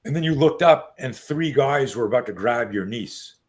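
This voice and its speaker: A man in his sixties, a self-defense coach telling stories as an interview guest, animated and profane, on a video call. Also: medium pitch, moderate pace. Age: 60s. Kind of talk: casual interview storytelling.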